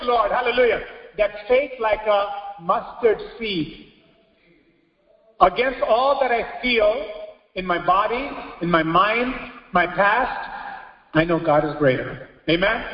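A pastor preaching a sermon with emphasis, breaking into exclamations of praise. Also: male voice, high voice. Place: church hall. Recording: echoey hall, dull lo-fi audio.

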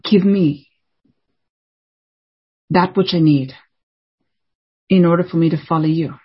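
A woman's voice: on the low side, takes it slowly, breathy edge, highs cut off. A woman preaching a fervent, scolding sermon, repeating lines for emphasis.

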